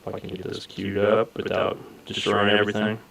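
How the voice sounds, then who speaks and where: A man's voice: on the low side, completely flat delivery, a little fast, gravelly, a bit bright, roomy sound, rough recording. A man hosting a live paranormal podcast, easygoing and joking, laughing often as he talks. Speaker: podcast host. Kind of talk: casual live interview.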